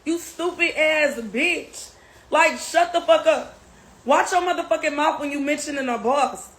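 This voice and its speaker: High-pitched woman firing off insults. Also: measured pace, rough recording. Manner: insulting, dismissive, profane. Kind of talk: heated clapback rant.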